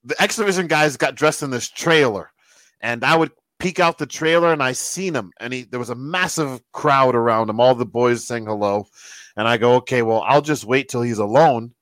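A man casually telling a backstage story as a guest, animated and quoting the people in it. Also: mid-range voice, normal speed, dry recording, poor audio. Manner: animated storyteller who quotes other people. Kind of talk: casual anecdote.

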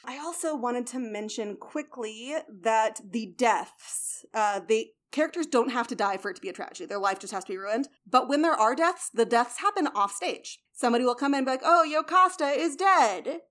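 A woman's voice: on the high side, brisk, few pauses. A young adult woman hosting a casual explanatory talk, chatty, blunt and swearing now and then. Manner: chatty, swears, lively emphasis.

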